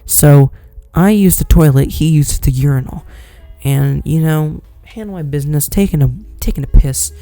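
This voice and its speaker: Young guy rambling thru a road trip story on his vlog, mellow warm tone, faint music behind. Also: fairly high pitch, moderate pace, no room sound. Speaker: vlogger.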